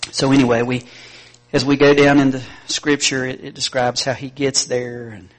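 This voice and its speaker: A man, preaching a sermon as a pastor. He moves from quiet reading to loud, emphatic preaching and leads the congregation in call-and-response. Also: mid-range voice, flat delivery, moderate pace.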